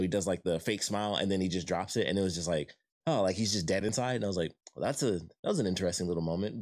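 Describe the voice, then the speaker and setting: Fast-talking low-voiced man reviewing a show. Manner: rambling, excited, many fillers and restarts. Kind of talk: casual review chat.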